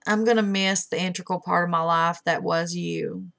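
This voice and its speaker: A middle-aged woman giving a heartfelt, halting farewell to her online friends, holding back tears. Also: lowish voice, fairly even intonation, gravelly, a bit bright. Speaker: webcam streamer. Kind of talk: emotional farewell message.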